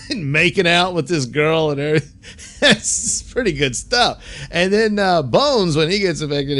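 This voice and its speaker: A man's voice: medium pitch, fairly bright tone. A man casually recapping and reviewing a TV episode, chatty, with frequent laughs and fillers. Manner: chatty, laughs often, many fillers, quick voice impressions. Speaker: reviewer, host.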